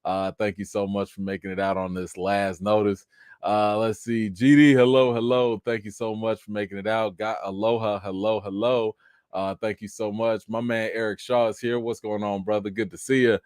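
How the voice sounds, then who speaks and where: A man hosting a casual live-stream chat, telling an animated story with acted-out reactions and greeting viewers by name. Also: lowish voice, normal speed, smooth, dry recording, studio quality.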